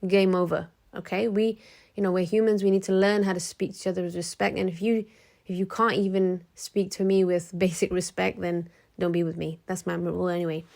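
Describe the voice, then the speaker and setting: A woman's voice: lowish voice, level tone, brisk, vocal fry, darkish tone. A woman vlogging to camera in a frank, chatty way, with many restarts, who acts out the people she quotes. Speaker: motivational vlogger. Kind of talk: casual talk to camera.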